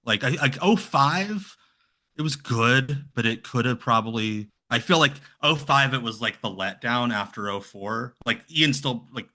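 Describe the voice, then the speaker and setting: A man chatting casually as a podcast guest, rambling and slipping into lively impressions of other people. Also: mid-range voice, measured pace. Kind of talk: casual chat.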